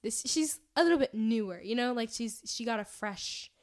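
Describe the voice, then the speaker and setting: A young woman talks casually as a podcast co-host, her voice sitting a little high. She rambles in a bubbly way, full of fillers and quick laughs. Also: lively intonation, darkish tone. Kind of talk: casual chat.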